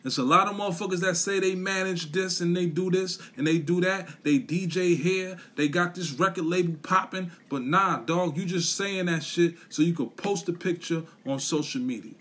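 A man delivers a blunt, profane pep talk on a podcast, hammering his points with repetition and street slang. His voice sits a little high for a man and has a husky, grainy edge. He swears freely and talks straight at the listener. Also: moderate pace, few pauses, fairly bright tone. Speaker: podcast host. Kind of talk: profane motivational rant.

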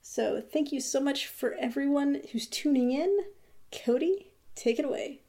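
A woman with a fairly high voice co-hosts a casual gaming podcast. She talks in a chatty, hesitant way, full of fillers and restarts. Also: expressive, measured pace, warm tone. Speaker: podcast co-host. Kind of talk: casual chat.

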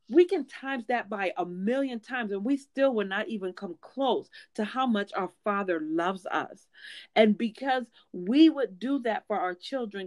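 Woman preacher, sermon, earnest and emphatic, halting with fillers, dry close sound. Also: mid-range voice, no room sound.

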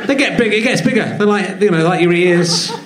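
Middle-aged male comedy host, giggly rambling banter, slightly high voice, roomy live sound. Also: a little fast, heavy background noise. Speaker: podcast host. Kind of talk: casual comedic interview.

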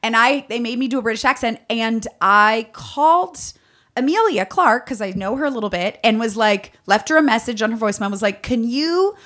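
A middle-aged woman hosting a podcast, chatting casually with a playful, teasing manner and quick joking asides. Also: on the high side, fairly bright tone. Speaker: podcast host. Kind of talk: casual chat.

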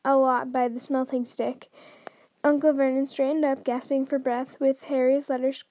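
High-voiced woman reading a story aloud. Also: flat delivery, normal speed, warm tone. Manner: stumbles and restarts often while reading. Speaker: podcast host reading a book aloud. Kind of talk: unrehearsed read-aloud narration.

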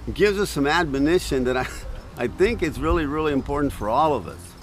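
A man's voice: fairly high pitch, animated, brisk, soft background music, low-quality recording. A man giving a conversational devotional talk outdoors in a breeze, asking his listeners questions. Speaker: preacher. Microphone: camera on a stand.

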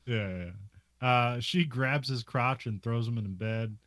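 A man's voice: mid-range voice, slow pace, a bit bright, no echo. A man co-hosting a casual movie podcast, rambling with fillers and laughs. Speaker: podcast co-host.

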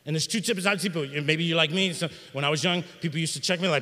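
Bright-voiced male pastor preaching. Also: a little high, quick pace, few pauses, in a large hall. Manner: energetic, conversational preaching with slang. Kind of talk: sermon. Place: church sanctuary.

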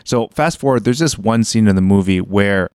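A man with a fairly low, smooth, resonant voice talks through a topic in a relaxed podcast chat. He rambles a little, restarting sentences and filling gaps with "like" and "uh". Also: moderate pace, no room sound, studio quality. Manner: explanatory, loose with fillers and restarts. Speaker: podcast co-host. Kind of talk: casual chat.

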